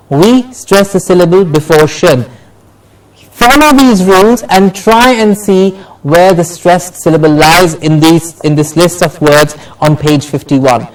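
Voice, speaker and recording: A man gives a classroom lesson on English pronunciation, and his voice sits a touch high for a man. He drills example words slowly and deliberately, one by one. He sounds set back from the microphone. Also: far from the mic, poor audio. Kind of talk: classroom lesson on word stress.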